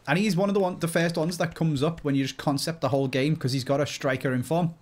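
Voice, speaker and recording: A man with a Scouse accent from Liverpool, chatting casually as a guest player, thinking out loud and laughing easily. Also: on the high side. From Liverpool, England. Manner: chatty, self-questioning, quick to laugh. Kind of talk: casual gaming chat.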